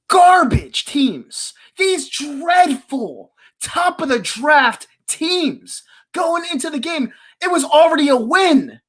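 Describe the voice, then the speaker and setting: A young woman from the Philadelphia area hosts a live sports stream and rants at full passion. Her somewhat high voice leaps all over the place as she yells in exasperation. She sounds heated and worked up throughout.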